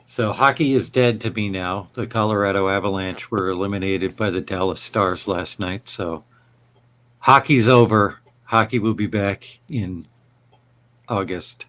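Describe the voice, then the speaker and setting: A man chats along on a live repair stream, quick and helpful, passing on tips from the chat. His voice sits a little low. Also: fairly bright tone. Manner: chatty, quick and helpful, reading out chat comments.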